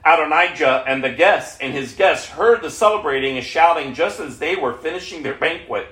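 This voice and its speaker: A man reads scripture aloud in a plain, unpolished voice that sits fairly high for a man. He corrects himself here and there, and the room gives his voice a strong echo. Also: expressive, normal speed, bright, forceful tone. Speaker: reader. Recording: echoey room.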